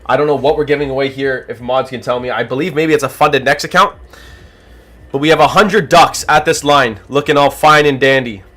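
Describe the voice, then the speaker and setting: A livestream host who is losing his voice, calling a giveaway race with animated, rapid play-by-play. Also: medium pitch. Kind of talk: excited duck-race commentary on a livestream.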